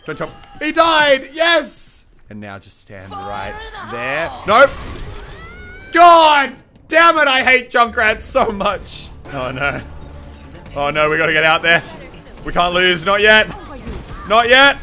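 A young man calls out his game in excitable, swearing commentary, now and then shouting at the screen. His voice sits high and swings widely. Faint game music plays under him. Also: unhurried. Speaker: gaming channel host. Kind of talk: live gameplay commentary.

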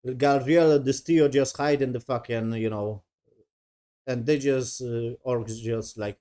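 A man's voice: medium pitch, measured pace, dark tone. A man giving a casual, profane review rant in non-native English, sarcastic and dismissive, with constant swearing. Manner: sarcastic, swears constantly, mocks characters in whiny voices. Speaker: show reviewer.

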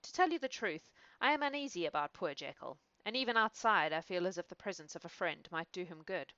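A woman voicing an earnest, kindly male lawyer in a storybook reading. He coaxes gently. The voice sits fairly low on a dry close mic. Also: animated, brisk, dry recording, lo-fi sound.

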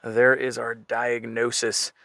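Man, gravelly voice, bright tone, casual walkaround commentary, thinks aloud. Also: mid-range voice, completely flat delivery, slow pace, no echo. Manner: chatty, thinks aloud while inspecting. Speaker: car flipper vlogger.

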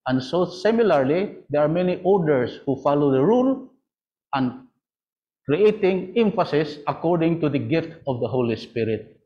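A man's voice: a little high, expressive, normal speed. A man, a priest on a panel, explaining in a preaching way and asking rhetorical questions. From Philippines. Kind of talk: answering a question in a panel talk. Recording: dull lo-fi audio.

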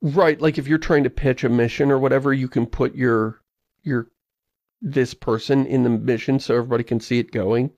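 A man hosting a podcast in casual, chatty talk with quick asides. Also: medium pitch, fairly even intonation, a little mellow, dry recording. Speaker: podcast host.

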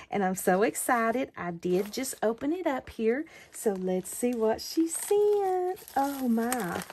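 Gushing unhurried woman crafting host. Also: medium pitch, darkish tone, slight background noise. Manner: gushing, effusive thanks; frequent delighted exclamations. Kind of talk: casual unboxing chat.

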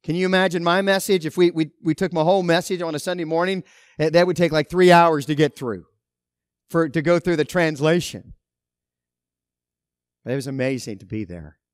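A man pastor preaching a sermon, emphatic, with loud stresses and quiet asides. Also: a little high, fairly quick, pauses often, no room sound, clean studio sound.

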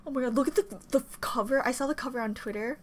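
A woman hosting a live reaction video, very expressive and excitable, gasping and squealing as she talks. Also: high voice, fast, a little hiss or hum. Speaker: reaction channel host. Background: loud music playing.

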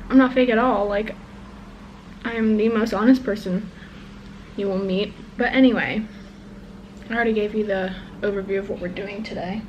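A woman's voice: medium pitch, steady tone, moderate pace, long pauses, a little mellow, highs cut off, slight background noise. A young woman vlogging in a chatty, casual way, full of fillers and giggles. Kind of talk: casual vlog chat. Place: outdoors on a windy seafront.

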